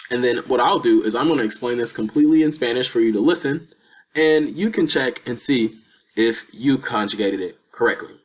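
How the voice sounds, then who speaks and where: A man's voice: medium pitch, fairly bright tone. A man teaching a lesson, explaining step by step with patient repeated examples. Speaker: Spanish teacher. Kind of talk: lesson explaining verb conjugation.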